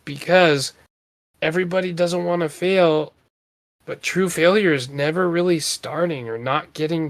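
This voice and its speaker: This podcast co-host, a man in his thirties, talks casually about motivation in an earnest, wandering way packed with fillers. His pitch is fairly high and his tone a bit bright.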